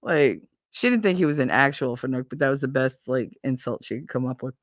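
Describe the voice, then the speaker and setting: A middle-aged woman with a New York accent telling animated, profane stories in a casual chat as a show host. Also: a bass voice, fairly quick, no room sound, studio quality. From Brooklyn, New York. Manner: animated, profane, acts out neighborhood voices.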